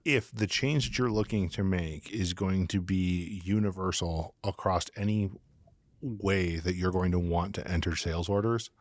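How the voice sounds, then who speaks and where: A man explaining technical choices in a measured, methodical way as a podcast guest. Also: low-pitched, dry recording.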